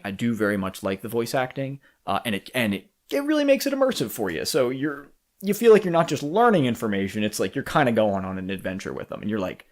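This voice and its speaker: A man co-hosting a podcast in casual chat, talking through his opinions with restarts and the odd swear word. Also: medium pitch. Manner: animated, profane, talks through thoughts with restarts. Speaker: podcast co-host.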